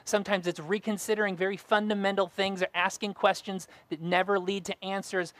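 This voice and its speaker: A man's voice: high voice, a bit bright, no echo. A young adult man preaching a sermon as pastor, earnest and fond of repeating key phrases.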